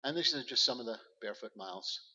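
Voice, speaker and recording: A man speaking earnestly at a church service, halting often with fillers as he presents slides. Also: mid-range voice, animated, bright, forceful tone, long reverb tail, lo-fi sound.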